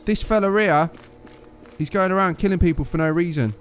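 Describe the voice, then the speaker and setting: A man's voice: high voice, a little fast, a little hiss or hum. A young man with a cheeky, trolling manner, chatting casually over his gameplay. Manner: cheeky, joking, trolling other players. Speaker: gaming channel host.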